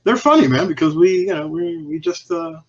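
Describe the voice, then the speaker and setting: A man's voice: fairly high pitch, animated, fairly quick, slightly rough, lo-fi sound. Candid, profane man telling stories. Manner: candid and profane, often restarting and trailing off. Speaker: podcast guest from a cigar company. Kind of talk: casual anecdotal storytelling.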